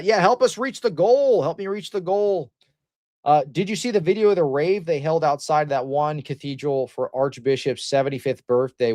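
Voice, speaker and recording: A man's voice: on the high side, no echo, studio quality. A man hosting a news commentary show who talks in a casual, slangy way and laughs often. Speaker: host.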